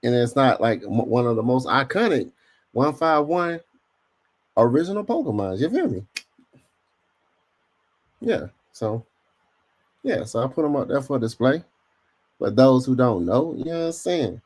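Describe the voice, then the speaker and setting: A man's voice: medium pitch, unhurried, pauses often. A man hosting a casual podcast livestream, talking in slang and speaking straight to his chat. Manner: slangy, animated, addresses chat directly. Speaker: podcast host.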